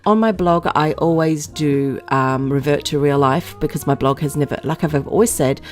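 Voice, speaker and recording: A woman with a notably low, deep speaking voice chats to her viewers in a loose, rambling way, full of ums and little laughs. Soft music plays faintly behind her. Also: moderate pace. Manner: rambling, chatty, many fillers and giggles. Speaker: vlog host. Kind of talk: casual chat to camera.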